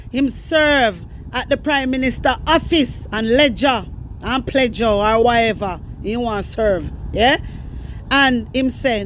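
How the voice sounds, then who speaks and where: Jamaican woman, high-pitched, heated scolding commentary, faint street noise behind. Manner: fiery, repetitive, scolding, addresses viewers directly. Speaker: political commentary vlogger. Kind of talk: impassioned political commentary.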